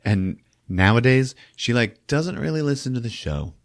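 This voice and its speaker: A man hosting a podcast, giving an animated comedic movie recap, laughing often and acting out scenes with sound effects. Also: mid-range voice, normal speed, dry recording, clean studio sound. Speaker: podcast host.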